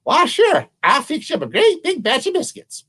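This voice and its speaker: A cheerful little old mountain granny, as a male storyteller puts her on, high and sing-song, her voice pitched well above the storyteller's own. Folksy and obliging, she bobs up and down in pitch with a homey, storybook lilt. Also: wildly swooping pitch, normal speed, bright, forceful tone, exaggerated voice.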